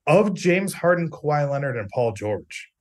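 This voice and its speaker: A man's voice: fairly high pitch, sing-song, moderate pace. Chatty male sports podcast host. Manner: chatty, jokey, many fillers. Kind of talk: casual sports podcast chat.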